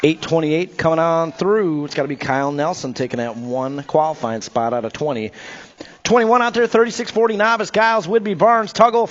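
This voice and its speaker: A man announcing live BMX races from the track tower, energetic and joking, with playful nicknames for the riders. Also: a little high, muffled recording, slight background noise. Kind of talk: live race commentary.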